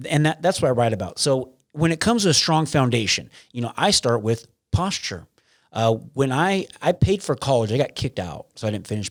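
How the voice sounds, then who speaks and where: A man's voice: medium pitch, no room sound, studio quality. A man talking as a podcast guest, blunt and frank, with lots of restarts and some swearing. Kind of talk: casual interview.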